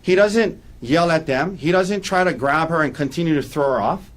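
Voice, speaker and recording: A man's voice: fairly high pitch, normal speed. A man giving a courtroom opening statement as defense attorney, emphatic and repeating key points for weight.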